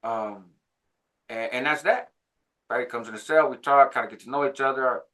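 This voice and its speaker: A man in his forties casually telling a story about his past, jumping higher in pitch when he acts out what others said. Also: moderate pace. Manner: animated, jumps higher when quoting others; laughs between phrases, frequent "right?". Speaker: channel host recounting prison life.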